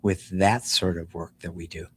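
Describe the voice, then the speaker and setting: A middle-aged man, a doctor hosting, explaining things in a measured way. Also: low-pitched, fairly even intonation, slightly rough. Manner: measured, explanatory, with fillers and restarts. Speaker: doctor and host. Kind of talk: interview conversation.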